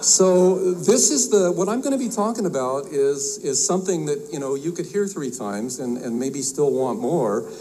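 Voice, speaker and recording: A man who is an herbalist giving a talk to health practitioners, folksy and halting, with many fillers and restarts. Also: a little high, lively intonation, mellow, a little hiss or hum, poor audio. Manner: tells a joke with acted voices. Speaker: herbalist speaker at a health conference.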